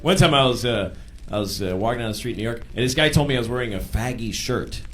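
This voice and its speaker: A man doing a stand-up comedy routine on a club stage, animated and sometimes shouting. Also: medium pitch, quick pace. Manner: animated, bursts into shouted impressions. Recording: live club with crowd laughter and noise. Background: audience laughing.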